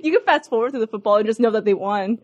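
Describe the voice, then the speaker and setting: A woman's voice: fairly high pitch, racing, a little mellow, dry recording, lo-fi sound. A woman co-hosting a podcast in casual chat while sick, giggly and enthusiastic. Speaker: podcast co-host.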